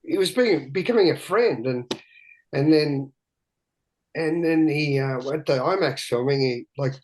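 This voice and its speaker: A man's voice: fairly high pitch, measured pace, slight background noise, low-quality recording. A man, a guest telling candid stories in a rambling, profane way with many restarts. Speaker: guest, big-wave surfer. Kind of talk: candid storytelling chat.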